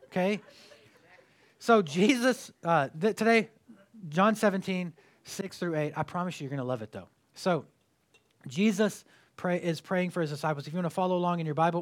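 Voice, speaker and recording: A man preaching a sermon to a congregation, conversational and jokey, telling stories with lively energy. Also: sits high. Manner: conversational, jokey, animated storytelling. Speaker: pastor. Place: church sanctuary with congregation.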